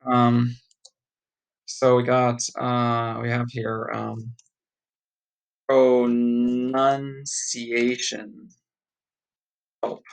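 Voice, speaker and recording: Guy muttering through his study notes, gravelly low-key voice. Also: monotone, slow, low-quality recording. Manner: thinking aloud, practising pronunciation, reading course notes. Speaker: online study blogger. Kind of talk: casual screen-recorded study session.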